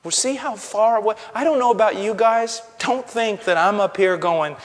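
A male pastor preaching a sermon with passion, dropping to a hush and then rising to a shout. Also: high-pitched, moderate pace, in a large hall. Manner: impassioned, swings from hushed to shouting.

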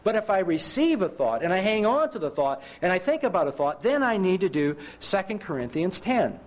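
A man's voice: sits high, sing-song, a little fast. A middle-aged man preaching a sermon, telling personal stories with self-mocking humor and asking his listeners rhetorical questions.

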